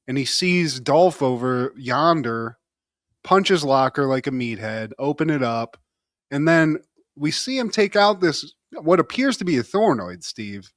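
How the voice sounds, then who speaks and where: A man's voice: fairly high pitch, lively intonation, normal speed, a bit bright, no echo, clean studio sound. A man co-hosting a podcast, giving a casual, joking recap and often calling his co-host by name.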